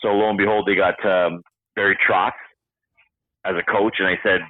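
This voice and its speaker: A man in his forties with a low voice tells animated stories, acting out the dialogue and swearing freely. The voice comes over a thin, phone-like line. The sound is dry and close, with no room echo. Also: moderate pace. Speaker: podcast guest, retired hockey player. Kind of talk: casual storytelling interview. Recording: tinny phone-like call line.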